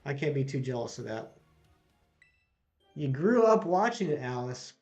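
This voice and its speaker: A man's voice: medium pitch, very animated, moderate pace, darkish tone, soft background music. A man running a casual live stream, reading out jokes from chat and greeting viewers by name as he plays.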